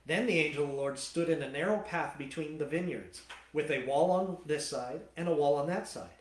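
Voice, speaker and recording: A man pastor teaching a sermon, retelling the story in a lively, colloquial storytelling way. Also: a little high, fairly quick. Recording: roomy church hall.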